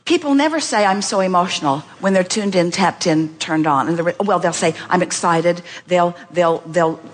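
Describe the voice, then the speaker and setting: A woman's voice: on the low side, moderate pace. A woman coaching an audience member on stage at a seminar, emphatic, repeating phrases and quoting the listener back. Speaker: seminar speaker. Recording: archived hall recording with long reverb.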